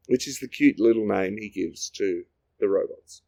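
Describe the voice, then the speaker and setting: A man's voice: fairly low pitch, moderate pace, a little mellow. A man co-hosting a podcast, improvising a comic story in a rambling, jokey way. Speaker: podcast co-host.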